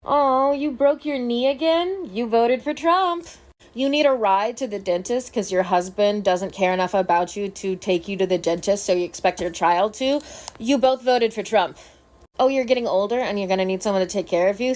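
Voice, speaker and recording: A woman's voice: medium pitch, moderate pace, a little mellow. A woman delivering a sarcastic monologue built on repeated retorts. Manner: sarcastic, repetitive refrains. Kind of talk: social video monologue.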